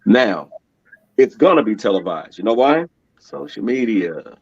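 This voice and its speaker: A man's voice: fairly low pitch, measured pace, gravelly, husky, no room sound. A man speaking as a podcast guest in casual conversation, telling stories with laughs and acting out quotes. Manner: animated, laughing storyteller who acts out quotes. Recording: dull, dry lo-fi sound.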